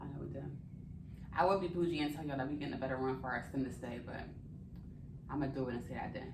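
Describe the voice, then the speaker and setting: A young adult woman vlogger telling a travel story in casual chat, animated and swearing freely, recorded in a hotel room. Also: rumbling low, fast, background noise. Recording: echoey room, camera at a distance.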